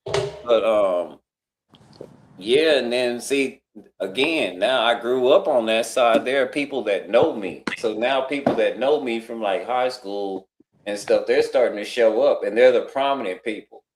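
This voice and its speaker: Guest storyteller, male, middle pitch, lively and chatty, voices other characters, roomy reverb. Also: measured pace, a little hiss or hum. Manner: animated, acts out other people's lines in changed voices. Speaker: guest on a live talk stream. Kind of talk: casual storytelling. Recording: roomy echo.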